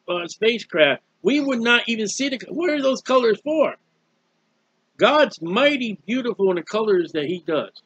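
High-voiced folksy male preacher. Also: a bit bright, no echo. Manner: folksy, emphatic, asks and answers his own questions. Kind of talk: Bible teaching sermon.

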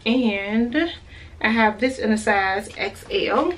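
A woman's voice: fairly high pitch, expressive, slow pace, a bit bright, far from the mic, a little hiss or hum. A woman chatting casually and gushing over clothes in a try-on haul vlog, filmed at home on a phone camera. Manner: gushing, chatty, repeats herself. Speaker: vlogger. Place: at home, indoors.

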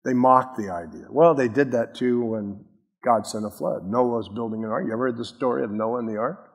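A man's voice: mid-range voice, brisk, breathy edge, big-room sound. A man preaching a sermon as pastor, earnest and emphatic, often asking the congregation questions. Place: church sanctuary.

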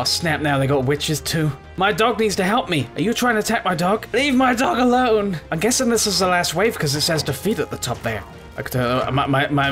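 A man giving let's play commentary as he plays a game. He rambles, talks to himself and yells at the characters on screen. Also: on the high side. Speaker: gaming channel host.

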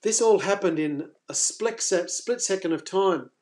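A man hosting a fishing live stream, telling a story casually and with energy, stumbling and restarting, then trailing off quietly. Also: high voice, measured pace. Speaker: fishing coach and channel host.

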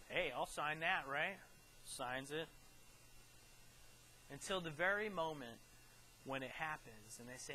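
Bright-voiced animated male preacher. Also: fairly high pitch, unhurried, long pauses, a little hiss or hum, rough recording. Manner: animated storytelling, acting out quotes with big swings in loudness. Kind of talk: sermon.

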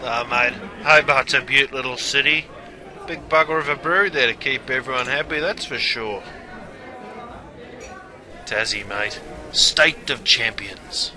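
A man's voice: medium pitch, measured pace, long pauses, bright, forceful tone, a faint crowd. An Australian-accented man playing a brash, chummy pub barman who talks in slangy, matey banter. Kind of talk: scripted character narration.

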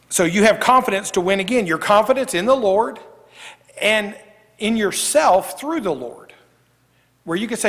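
Animated preacher in an echoing church. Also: male voice, high voice. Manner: lively, jokey, swings from loud to hushed. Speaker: pastor. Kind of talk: sermon. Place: church sanctuary. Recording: echoey church hall.

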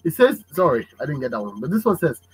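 A man hosting a casual podcast chat, animated and fond of acting out parents' voices. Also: a little high, quick pace, noisy background. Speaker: podcast host.

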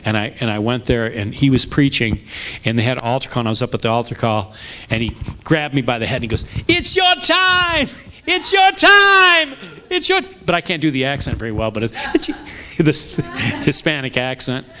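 A middle-aged male pastor delivers a sermon built on personal stories, speaking in a conversational, animated way that often backs up and restarts mid-sentence. His voice sits at an ordinary middle pitch for a man. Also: a little fast. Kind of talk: storytelling sermon. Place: church sanctuary.

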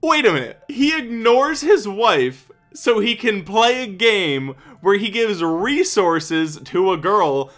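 A man hosting a comedic commentary on game ads, sarcastic and profane, with mock excitement. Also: sits high, takes it slowly, hardly any pauses, soft background music. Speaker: YouTube host reacting to game ads.

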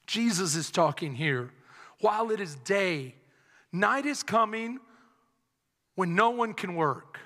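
A male pastor preaching an impassioned sermon, telling stories dramatically and shouting at the high points. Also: animated, slow, pauses often, in a large hall.

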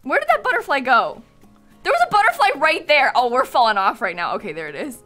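A young woman livestreaming a game in a bright, lively voice that swoops up into squeals and shrieks of laughter. She chats casually and dramatically, with soft game music playing behind her. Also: sits high, fast talker. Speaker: streamer. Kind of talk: casual game-stream chat.

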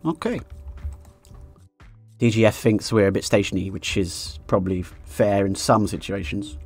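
A man's voice: fairly low pitch, measured pace, soft background music. A man commentating a live poker stream, thinking aloud about hands and chatting with his viewers in a joking way.

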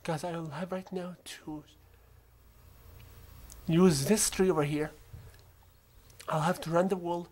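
Brief: slow, even-pitched let's-play host with a non-native accent, calm, coaching, often hushed. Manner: calm, coaching the game character, often dropping to a hushed whisper. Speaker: gamer. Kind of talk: gameplay commentary.

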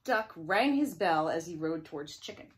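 A woman librarian reading a picture book to preschoolers, gentle and expressive, with chatty asides to the children. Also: sits low, normal speed. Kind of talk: preschool story time reading.

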